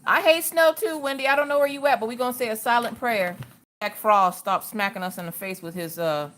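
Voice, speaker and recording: A woman's voice: a little high, brisk, a bit bright. A woman hosting a casual crafting livestream, greeting her viewers by name as she works. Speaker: livestream host.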